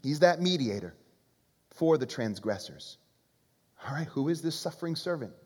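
A male pastor delivers a sermon in a conversational, emphatic way, circling back on key phrases. His voice sits a little higher than most men's. A long reverb from a large hall trails after each line. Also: animated, moderate pace, a little mellow.

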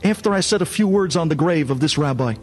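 A man, a rabbi, giving a sermon in an animated, dramatic storytelling way. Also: fairly high pitch, fast talker, soft background music.

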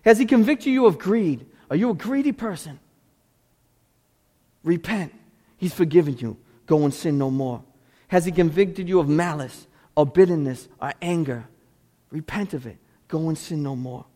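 Pastor, male, high-pitched; passionate sermon, pleading to hushed; long church reverb. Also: normal speed. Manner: passionate preaching, swings from pleading cries to hushed intensity.

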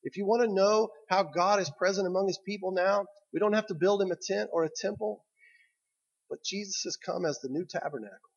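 A man's voice: a little high, creaky, slightly rough, lo-fi sound. A man preaching a sermon as a pastor. He tells the story to his listeners and keeps drawing them in with "right?".

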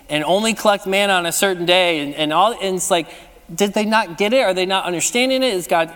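A man in his thirties preaches in a church sanctuary, loose and conversational, with a slightly raised pitch. His voice rings out with long reverb from the hall around him. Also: fairly bright tone. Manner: conversational, playful, repeats phrases. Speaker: senior pastor. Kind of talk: sermon.

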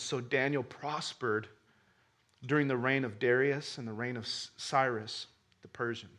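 A man preaching a sermon as pastor, telling a story with lively acted-out voices and frequent restarts. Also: medium pitch, measured pace. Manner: animated storytelling, acts out characters, laughs with the crowd; stammers when starting sentences.

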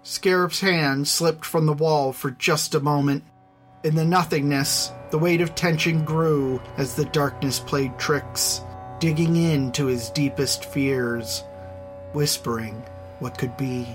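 An audiobook narrator reading a fantasy story in a measured, even storytelling voice. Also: mid-range voice, soft background music. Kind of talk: scripted narration.

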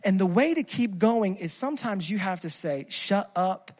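A man with a high, light voice delivers a sermon. He tells a comic story with energy, acting out each scene, then presses the point home in earnest. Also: normal speed. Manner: animated, acts out scenes, loud bursts of laughter. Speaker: preacher.

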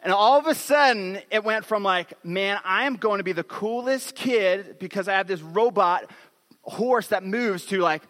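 Male pastor, 30s, animated storyteller, sharp bright tone, long hall reverb. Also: high voice, normal speed. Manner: animated storytelling, acts out quotes. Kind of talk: sermon.

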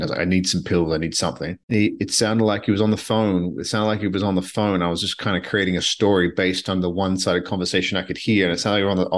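A man from Canada hosting a solo podcast, talking candidly and rambling, swearing now and then. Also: low-pitched. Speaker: podcast host. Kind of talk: solo reflective podcast monologue. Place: his apartment.

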